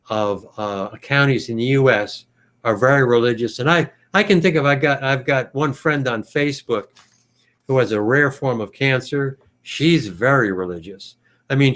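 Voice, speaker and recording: An American man chatting on a video call, his voice sitting in a middle pitch. He thinks aloud as he talks, with plenty of pauses and fillers along the way. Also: a bit bright. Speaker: podcast host. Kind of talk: casual video call chat.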